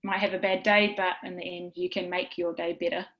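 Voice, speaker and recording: A woman's voice: lowish voice, little pitch movement, brisk, highs cut off, slight background noise. Upbeat New Zealand woman on a call. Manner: upbeat, encouraging. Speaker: guest speaker. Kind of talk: casual video call chat. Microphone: video call.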